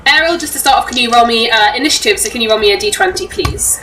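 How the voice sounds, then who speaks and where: A bright, lively woman runs a tabletop game as game master, giggling and umming as she narrates. Her voice swings widely in pitch and sounds a little distant from the mic, with faint music playing behind. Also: fast. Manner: giggly, lots of ums, puts on shrill crowd voices.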